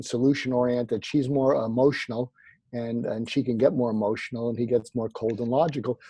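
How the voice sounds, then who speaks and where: Animated man telling a story. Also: medium pitch, husky, dry recording. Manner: animated anecdotal storyteller, acts out quotes. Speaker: psychiatrist guest. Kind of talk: storytelling interview answers.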